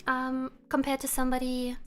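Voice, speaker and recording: A woman streamer chatting casually with her viewers. She is relaxed and laughs often. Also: high voice, moderate pace, faint music behind. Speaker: live streamer. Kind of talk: casual live-stream chat. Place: room at home.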